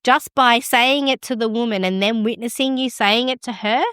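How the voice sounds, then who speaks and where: A middle-aged woman with a somewhat high voice talks through advice as a midwife podcast host. She is frank and encouraging, chatting casually. The sound is close and dry, with no room to it. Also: moderate pace, a bit bright, clean tone, no echo.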